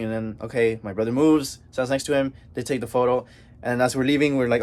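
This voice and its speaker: A young man telling a story in a casual vlog, excited and chatty, with lots of slang and fillers, recorded indoors at home. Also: mid-range voice, quick pace. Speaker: vlogger.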